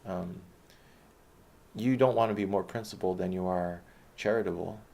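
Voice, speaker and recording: A man's voice: low voice, moderate pace, vocal fry, a little mellow. A man telling a personal story in a blunt, rambling way, retelling conversations as he goes.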